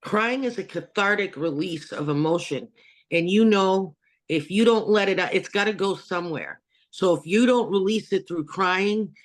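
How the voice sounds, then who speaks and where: A woman's voice: mid-range voice, normal speed. Earnest woman host, loose rambling delivery full of restarts, heard over a video call. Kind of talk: casual interview chat.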